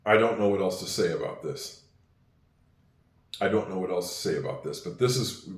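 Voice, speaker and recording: Slow, patient male English teacher. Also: mid-range voice, a little mellow, echoey room. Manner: slow, patient, repeats phrases for learners. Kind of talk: spoken English lesson.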